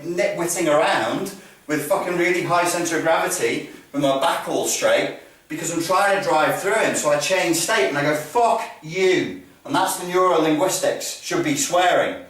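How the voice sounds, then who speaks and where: A man's voice: on the high side, fairly bright tone. A middle-aged man, a martial arts instructor, teaching a demonstration lesson in a blunt and profane way. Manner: blunt and profane, swears freely. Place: training hall. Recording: very echoey hall, mic far off.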